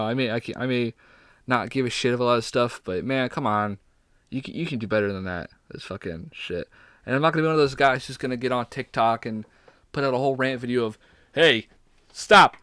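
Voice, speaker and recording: A man's voice: medium pitch, fairly bright tone, no room sound, clean studio sound. A sick man hosting a podcast, rambling and swearing casually with many restarts. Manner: rambling, profane, full of restarts. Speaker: podcast host. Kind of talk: casual solo podcast rant.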